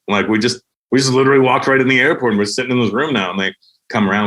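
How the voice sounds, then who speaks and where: A man's voice: medium pitch, rapid-fire. A man, a comedian, telling a long anecdote with profanity, acting out every line of dialogue. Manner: animated, profane, acts out the dialogue. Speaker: comedian guest. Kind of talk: comic storytelling anecdote.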